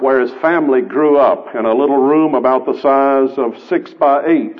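A man preaching a sermon, emphatic and building through repeated phrases. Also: mid-range voice. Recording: tinny radio broadcast, phone-like band.

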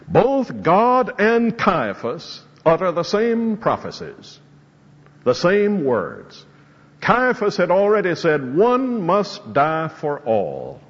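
A male preacher works through scripture verse by verse, his pitch swinging widely as he builds emphasis. He speaks slowly with a slightly husky tone. The recording is dull and lo-fi, with long reverb from a church hall. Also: huge pitch swings. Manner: expository preaching, quoting scripture with rising emphasis. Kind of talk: sermon.

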